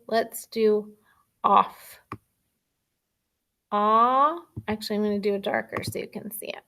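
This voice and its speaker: A woman's voice: mid-range voice, steady tone, vocal fry, pushed and bright. A woman teacher giving a recorded phonics lesson to children, patient and thinking aloud as she writes. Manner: slow, patient, thinking aloud while writing.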